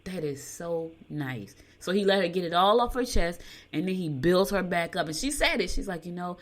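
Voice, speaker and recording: An older woman hosting a show from a home studio, chatting casually and reading horoscopes with lively storytelling asides. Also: on the low side, fairly quick. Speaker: radio show host.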